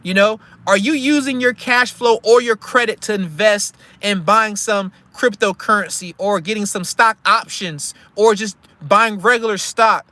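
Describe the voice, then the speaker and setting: A man's voice: high-pitched, measured pace, few pauses, pushed and bright. A man giving a blunt, slangy motivational rant about money and credit from his parked car, repeating himself to push his points. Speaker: credit and investing vlogger. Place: parked car in a store parking lot.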